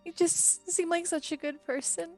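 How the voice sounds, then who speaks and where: Woman player, high voice, soft-spoken, faint music under. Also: steady tone, moderate pace. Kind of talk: in-character role-play.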